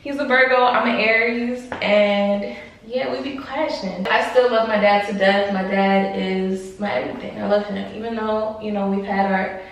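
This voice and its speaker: A woman's voice: mid-range voice, steady tone, moderate pace, recorded from a distance. A young woman from Long Island, New York, speaks openly and casually to her camera, cursing now and then as she talks. She is recorded at home from a few steps back, so her voice rings in a strongly echoing room. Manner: chatty and candid, swears casually. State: pregnant. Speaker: vlogger. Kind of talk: casual confessional vlog. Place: room at home in front of a mirror. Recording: very echoey room, voice off-mic.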